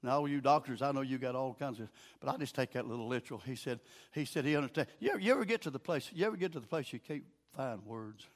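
An older man with a Southern US accent preaching a sermon in a folksy storytelling way, dropping low and quiet, then rising to shouts. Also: animated, fast.

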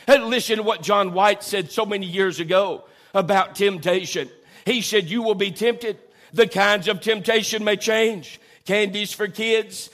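High-voiced preacher, slow emphasis. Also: male voice, fairly bright tone. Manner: preaches with slow, drawn-out emphasis and Southern folksy asides. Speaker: pastor. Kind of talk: sermon. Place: church.

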